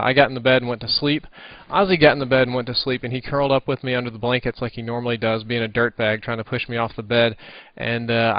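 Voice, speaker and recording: A man's voice: mid-range voice, muffled recording. A man in his twenties giving casual gameplay commentary and telling rambling, jokey stories.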